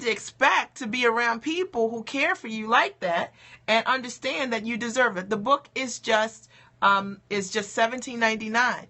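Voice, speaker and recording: Bright, forceful woman coach cheering viewers on. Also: a little high, normal speed. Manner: upbeat and encouraging, keeps asking "okay?" and "right?". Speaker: coach for mothers in business. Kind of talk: motivational livestream talk.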